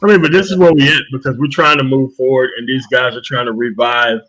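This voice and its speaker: A man's voice: medium pitch, fairly even intonation, quick pace, a bit bright, poor audio. A man on a podcast panel speaking bluntly and dismissively. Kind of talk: casual chat.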